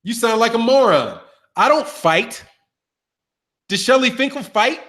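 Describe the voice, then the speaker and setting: A man commentating on boxing in a casual, animated rant, repeating himself and trash-talking. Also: extremely high pitch, measured pace.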